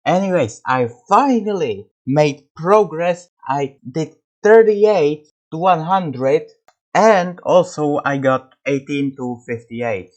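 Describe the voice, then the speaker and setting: A man's voice: medium pitch, expressive, takes it slowly, darkish tone, faint music behind. A man giving casual commentary over his own gameplay, exasperated and swearing often.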